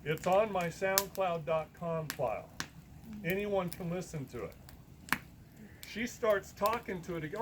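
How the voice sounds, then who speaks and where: Male guest speaker, slightly high voice, animated storyteller, noisy room tone underneath. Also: unhurried. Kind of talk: storytelling talk.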